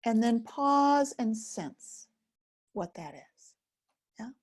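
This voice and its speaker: A woman teaching an emotional healing method, speaking gently with long pauses. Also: a little high, expressive. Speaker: focusing teacher. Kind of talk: guided self-help teaching.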